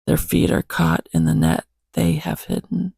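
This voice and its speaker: A man with a hoarse morning voice, reading Bible verses, reflecting on them and praying in an earnest, unhurried way at home. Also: fairly high pitch, sing-song, a little mellow, no echo. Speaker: host reading scripture to his cat.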